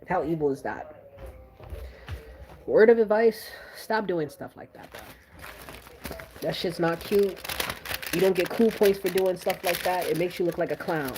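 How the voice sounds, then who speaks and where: Low-voiced exasperated New woman. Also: noisy background. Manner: blunt, exasperated storytelling with frequent sighs. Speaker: vlogger. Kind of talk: casual chat to camera.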